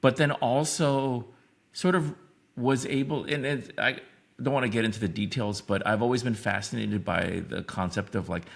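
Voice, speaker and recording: A man's voice: medium pitch, fairly even intonation, normal speed, creaky. A man in his fifties, a podcast guest, talking reflectively in a rambling way with many restarts. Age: 50s. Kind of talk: casual interview talk.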